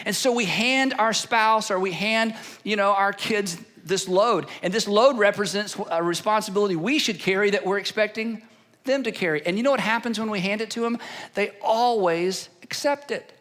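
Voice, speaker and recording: A man with a notably high voice preaches a sermon from the pulpit. He builds his points through repeated phrases that grow in insistence. His tone stays earnest and pleading throughout. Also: moderate pace, fairly bright tone. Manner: repetitive, building cadence. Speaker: pastor.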